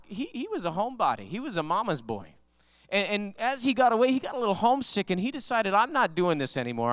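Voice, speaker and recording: A male pastor preaching a sermon, animated and conversational, telling stories with emphatic rises in his voice. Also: high-pitched, clean tone, dry recording, studio quality.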